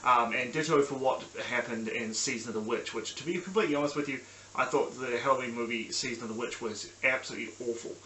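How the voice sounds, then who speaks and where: A young New Zealand man rambles through a casual review, full of ums and restarts. His voice is bright and forward, and it bounces around a small echoey room with a faint hiss behind it. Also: mid-range voice, fast talker. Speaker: podcast host. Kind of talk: casual solo review vlog. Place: small sunny room at home.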